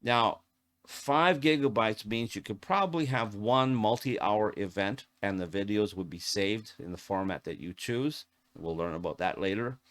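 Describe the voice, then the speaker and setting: A man's voice: lowish voice, animated, normal speed, a bit bright. A man teaching as an AV technician in a casual, chatty tutorial, often stopping to restart a phrase. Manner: chatty, self-interrupting with fillers and restarts. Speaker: AV technician instructor.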